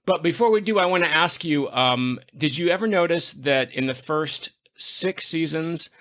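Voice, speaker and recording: Man, podcast host, casual chat, enthusiastic storyteller, very bright tone, slightly high pitch. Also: moderate pace.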